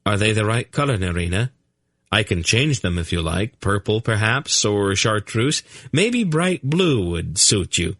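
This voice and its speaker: A man voicing a brisk, impatient young king who gives orders and dry, sarcastic remarks. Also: on the low side, lively intonation, a bit bright, no echo, voice pushed up, full character voice. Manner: brisk, dryly sarcastic, commanding.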